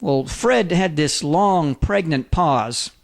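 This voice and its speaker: A man in his fifties telling a personal story as a lesson, in a halting folksy way with lots of fillers. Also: fairly high pitch, lively intonation, creaky. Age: 50s. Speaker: author and motivational speaker.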